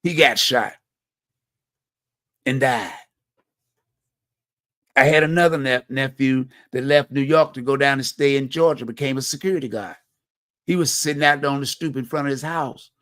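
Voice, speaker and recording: A man's voice: medium pitch, normal speed, long pauses, a bit bright, no room sound, studio quality. A middle-aged man from Virginia, hosting a community talk show, speaking bluntly in a repetitive, slangy, conversational monologue. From Hampton Roads, Virginia. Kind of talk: personal monologue on community violence.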